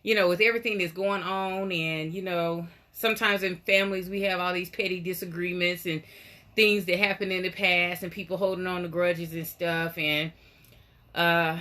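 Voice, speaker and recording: A woman's voice: lowish voice, fairly even intonation, normal speed, sharp tone. Chatty woman hosting a doll stream. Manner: chatty, greets each viewer by name. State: a little out of breath. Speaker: host of a weekly live stream about dolls. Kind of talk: casual live-stream chat greeting viewers. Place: home doll room, indoors. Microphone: phone live stream.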